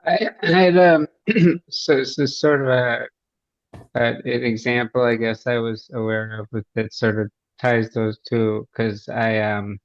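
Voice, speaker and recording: A man's voice: medium pitch, fairly even intonation, measured pace, no room sound. Hesitant male student, muffled sound. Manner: hesitant restarts, thinking aloud. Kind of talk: classroom discussion.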